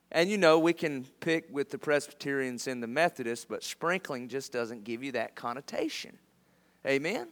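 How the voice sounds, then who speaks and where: A pastor preaching a sermon to his church, telling folksy stories and swelling loud on key words. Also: fairly high pitch, expressive, normal speed, big-room sound. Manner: folksy storytelling. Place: church sanctuary.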